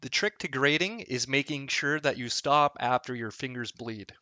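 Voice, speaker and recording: A man's voice: mid-range voice, moderate pace, sharp tone, no room sound, dull audio. A man, chatting casually through a home cooking vlog, rambling and poking fun at himself. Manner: self-deprecating, joking, rambling. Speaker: cooking vlogger. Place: home kitchen.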